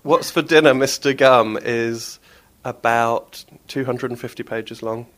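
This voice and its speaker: A man in the middle of a mid-pitched range reads from his children's book and chats between passages. He is jokey and playful, laughing at his own lines and retaking ones he fumbles. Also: steady tone, a little slow, fairly bright tone. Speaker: children's author. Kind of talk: casual interview and book reading.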